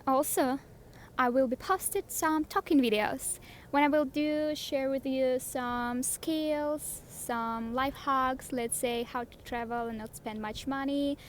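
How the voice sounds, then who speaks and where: High-pitched and slow, a young adult woman with a Russian accent opens her vlog cheerfully, now and then groping for English words. The vlogger and yoga teacher holds a mic outside amid wind and background noise, and the recording quality is low.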